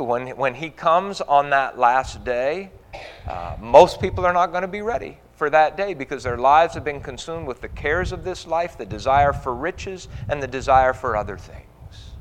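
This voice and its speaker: A man's voice: on the high side, fairly bright tone, big-room sound. A man preaching a sermon as pastor, earnest, with rising emphasis on quoted scripture.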